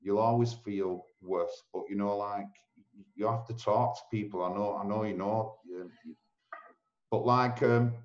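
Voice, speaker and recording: A man's voice: lowish voice, steady tone, unhurried. A male host speaking in a hesitant, stammering, sympathetic way during a casual interview. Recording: echoey lo-fi room recording.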